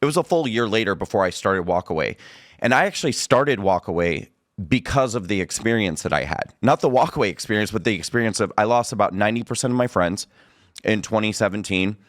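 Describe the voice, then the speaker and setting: A man speaks as a guest on a talk show, candidly telling his own story with an easy laugh now and then. His voice sits low and sounds dry and close on the mic. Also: expressive, fairly quick, no echo.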